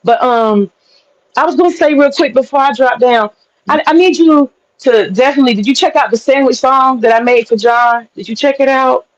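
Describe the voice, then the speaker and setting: A woman's voice: sits high, normal speed, no room sound, dull audio. A woman guest chatting casually on a livestream, brash, teasing and profane. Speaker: stream guest.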